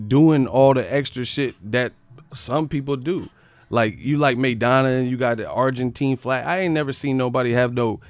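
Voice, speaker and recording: A man hosting a boxing live stream, ranting in a profane, animated way and sometimes mocking others in put-on voices. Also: medium pitch, no room sound. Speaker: boxing channel host.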